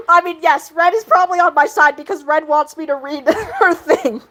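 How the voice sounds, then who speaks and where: Very high-pitched excitable girl streamer. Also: moderate pace, a little hiss or hum, low-quality recording. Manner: excitable, laughing, scolding chat playfully. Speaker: livestreamer. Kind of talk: casual livestream chat.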